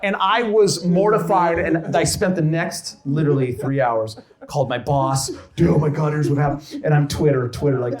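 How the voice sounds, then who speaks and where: Excitable host over a live crowd. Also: male voice, fairly high pitch, normal speed, hardly any pauses, echoey room. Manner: energetic, excitable storyteller. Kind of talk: live casual interview. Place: outdoor courtyard before a live audience. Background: audience crowd.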